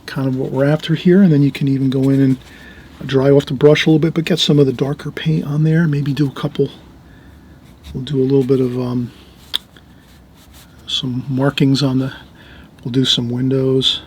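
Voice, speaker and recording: A middle-aged man giving an easygoing oil painting lesson, talking while he works and often trailing off softly. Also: medium pitch, flat delivery, moderate pace, long pauses, a little hiss or hum. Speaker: painting instructor. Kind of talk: relaxed painting tutorial.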